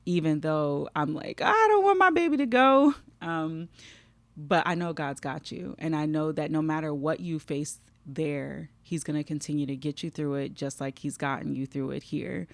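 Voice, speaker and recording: A middle-aged woman hosts a heartfelt podcast conversation, her voice low and gravelly. She speaks warmly and is close to tears. The sound is dry and close. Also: little pitch movement, normal speed, dry recording. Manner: warm, emotional, fighting back tears. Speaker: podcast host.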